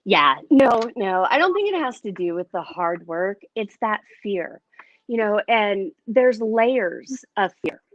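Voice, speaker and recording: A woman speaking as an interview guest and metaphysician, telling her story in a candid, expressive way. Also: medium pitch, takes it slowly, no echo, muffled recording. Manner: candid and expressive, lively retelling.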